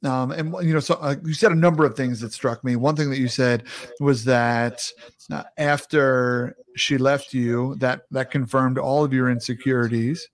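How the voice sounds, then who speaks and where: A man's voice: mid-range voice, fairly even intonation, normal speed. A man hosting a conversation, responding thoughtfully and hesitantly with many fillers. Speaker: podcast host. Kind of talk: reflective conversation.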